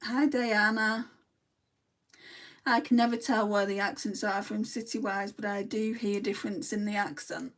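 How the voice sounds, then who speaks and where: Here a woman from Lancashire, England, a beauty vlogger with a Lancashire accent, gives blunt answers to viewer comments while applying makeup. She speaks at medium pitch with a steady tone and moderate pace, her voice picked up a little distant from the microphone.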